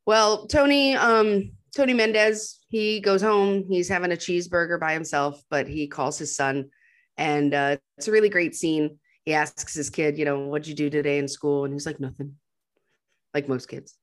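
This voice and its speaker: A woman's voice: fairly low pitch, normal speed. A woman casually retelling film scenes to a co-host, with wry asides and quoted lines. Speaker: podcast co-host. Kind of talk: casual movie recap chat.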